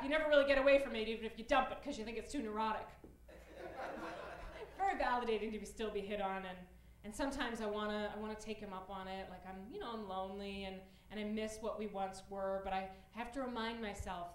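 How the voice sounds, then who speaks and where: A woman in her late twenties performing a stand-up comedy set, self-deprecating and given to loud excited bursts. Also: medium pitch, fast talker, slight background noise. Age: late 20s. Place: comedy club stage before a live audience. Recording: roomy club sound, audience laughter.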